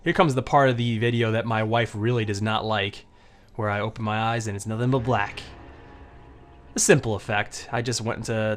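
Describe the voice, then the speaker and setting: A man's voice: fairly low pitch, fairly bright tone. A man giving casual commentary over his own old anime videos, rambling, with many fillers and restarts.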